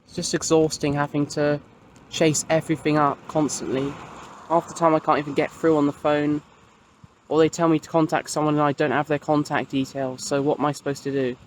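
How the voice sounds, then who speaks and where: In her video diary, a young trans woman addresses the camera candidly and frankly, filling her speech with casual fillers. Her voice is low and level in tone and runs a little fast, with a little hiss or hum on the recording.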